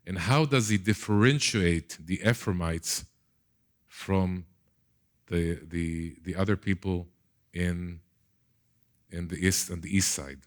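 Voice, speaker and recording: A man's voice: sits low, slow pace, pauses often. A man with an Israeli accent, a native Hebrew speaker, teaching a Bible class in a casual lecture style, often repeating words and putting questions to his listeners.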